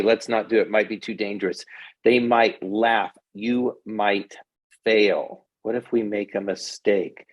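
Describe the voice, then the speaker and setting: Middle-aged guy, gravelly and a bit husky, pumping kids up about confidence, lots of "okay?". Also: on the high side. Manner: energetic, repeats "okay?" often. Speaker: kids' confidence coach. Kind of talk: motivational talk to kids.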